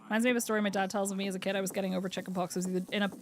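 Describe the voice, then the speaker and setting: A woman's voice: medium pitch, very fast, faint music behind. A young adult woman streaming a game from home, chatting candidly and telling stories with a lot of laughter. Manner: chatty and candid, laughs often, animated storyteller. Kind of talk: casual chat while gaming live.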